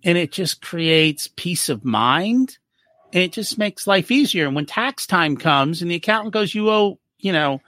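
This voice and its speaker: A man's voice: high voice, a little slow, no room sound. A man speaking as a guest in a casual interview, explaining money habits and acting out short exchanges in different voices. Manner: animated, acts out little dialogues. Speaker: business profitability guest.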